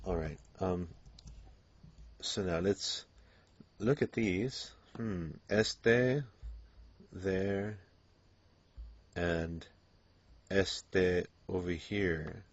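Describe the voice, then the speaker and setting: A man's voice: deep voice, drawn-out words, long pauses. A man teaching a Spanish grammar lesson in English, explaining patiently with frequent "okay" and "um". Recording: dull lo-fi lecture recording.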